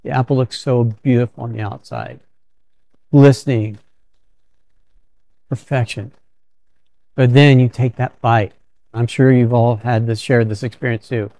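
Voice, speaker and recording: A man's voice: medium pitch, darkish tone, dry recording. A man preaching a sermon in a conversational storytelling way, often restarting his sentences.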